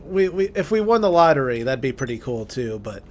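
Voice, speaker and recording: A man's voice: medium pitch, sing-song, fairly quick, a little hiss or hum. A man co-hosting a live game stream, chatting in a laid-back way, often stammering and restarting as he greets viewers by name. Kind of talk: casual chat.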